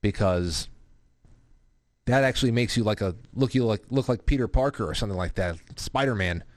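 A man in his thirties hosting a casual live show, reading viewer comments aloud in an animated way. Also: no room sound, studio quality. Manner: animated, puts on a high child's voice when quoting his daughter. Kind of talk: casual live-stream chat.

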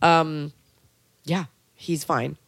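A woman's voice: low-pitched, fairly even intonation, extremely slow, a bit bright, slightly rough, dry recording, studio quality. A woman hosting a comedic podcast chat, wry and profane, tossing off jokes and asides. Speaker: podcast host.

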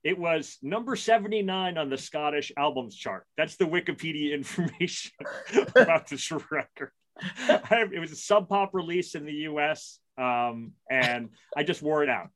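Middle-aged man, fairly high voice, casual podcast chat, rambling storyteller, self-deprecating, lots of restarts. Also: normal speed, fairly bright tone. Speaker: podcast co-host.

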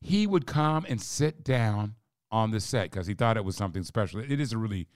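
A man hosting a casual interview, earnestly telling a story and repeating words when excited. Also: on the low side, a little fast, smooth, no echo, studio quality. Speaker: podcast host, film writer-director.

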